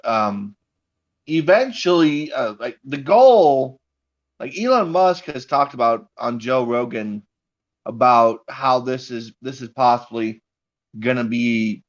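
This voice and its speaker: A man on a casual live stream who rambles, swears freely and builds out wild hypothetical scenarios with lots of fillers. His voice sits at an ordinary middle pitch and comes through dull, lo-fi audio. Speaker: stream co-host.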